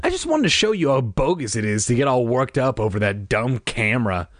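A man's voice: mid-range voice, big pitch swings, fairly quick, dry recording, clean studio sound, lightly acted. A man voicing a mischievous, cocky boy who whines and scoffs. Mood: dismissive. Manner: whiny, protesting.

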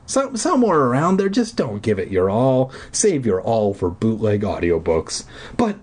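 A man's voice: lowish voice, big pitch swings, moderate pace, darkish tone, slightly rough. A man reading a children's book aloud who breaks off into rambling, profane, joking asides. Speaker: amateur audiobook reader.

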